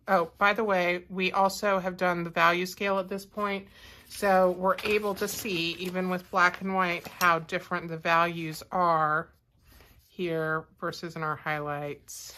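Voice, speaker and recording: A woman teaching a watercolor painting lesson, explaining each step calmly with frequent fillers. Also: fairly low pitch. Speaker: art teacher.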